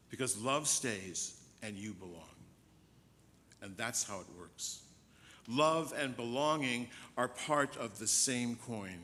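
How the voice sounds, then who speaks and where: A man minister preaching a sermon and telling a story, shifting between soft, slow passages and loud, fast ones. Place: church sanctuary. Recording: church hall reverb, faint rumble.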